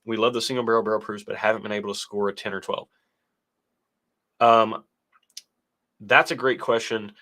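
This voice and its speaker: A man's voice: lowish voice, fairly even intonation, normal speed, long pauses, sharp tone. A young adult man co-hosting a casual whiskey livestream, reading chat aloud and rambling with easy laughs. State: stuffy nose. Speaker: co-host of a whiskey tasting livestream.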